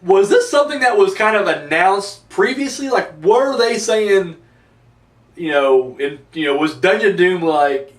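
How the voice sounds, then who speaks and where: A man's voice: sits high, expressive, a little slow. A man giving a casual, rambling and profane video review, with a sarcastic edge. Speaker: wrestling reviewer. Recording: echoey room, distant mic.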